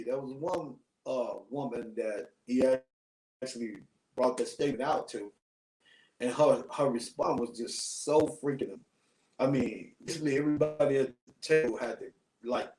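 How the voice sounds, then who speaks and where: A man's voice: medium pitch, darkish tone, distant mic. A man sits in as guest host of a casual live talk show, rambling through his points with plenty of restarts and fillers. He sounds set back from the microphone. The room around him is echoey. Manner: rambling, repeats himself, frequent ums and restarts.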